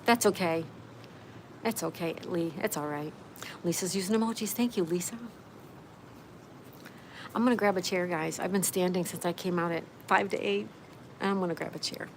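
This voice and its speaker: A woman's voice: on the low side, moderate pace, slight background noise, low-quality recording. A woman hosting a casual livestream outdoors, reading viewers' comments aloud and chatting back to them in a friendly way. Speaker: livestream host. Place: outdoors, with a view.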